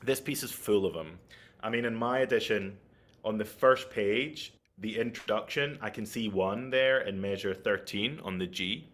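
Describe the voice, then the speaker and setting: A man's voice: on the low side, moderate pace, a bit bright. A man giving an online flute masterclass, explaining technique and checking in with his listeners as he goes. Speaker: flute teacher.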